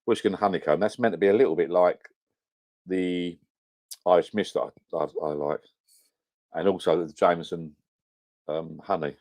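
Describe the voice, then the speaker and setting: A man's voice: low-pitched, normal speed, long pauses, darkish tone. A middle-aged man chatting casually on a live stream, rambling and correcting himself. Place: at home by a whiskey shelf. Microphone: camera on a home setup.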